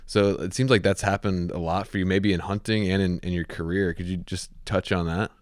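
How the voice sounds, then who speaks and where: A man hosting a podcast interview, relaxed and chatty, affirming his guest before asking a long question. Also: low voice, a little fast, no room sound, clean studio sound. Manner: relaxed, full of fillers, affirming. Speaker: podcast host. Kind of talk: casual interview.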